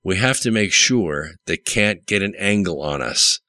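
A curt commander who barks short orders, voiced by a man reading aloud. He keeps the narrator's own very low voice, with a bright, forceful tone and a dry close sound. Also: expressive, a little slow, no echo, heavily acted. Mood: commanding.

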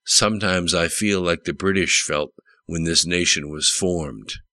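A man's voice: low voice, measured pace, sharp tone, dry recording. A man reading the lines of a stern, blunt, battle-hardened male general in an audiobook.

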